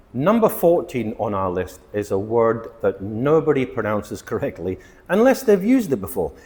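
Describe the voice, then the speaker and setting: A man teaching English vocabulary to camera, excitable, stressing and repeating words as he explains them. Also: medium pitch, big-room sound. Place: outdoors near palm trees.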